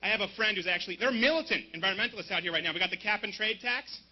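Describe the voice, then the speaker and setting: A man's voice: high voice, rapid-fire, breathy edge, highs cut off. A man raised in Canada doing a stand-up comedy set at an outdoor rally, with punchy delivery and mocking asides.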